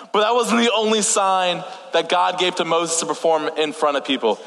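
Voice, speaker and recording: A young man with a fairly high voice delivers a relaxed, joking sermon and reads scripture aloud. A slight lisp and stutter slip through now and then. His words trail into a long reverb from the church hall. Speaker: youth pastor. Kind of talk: casual sermon.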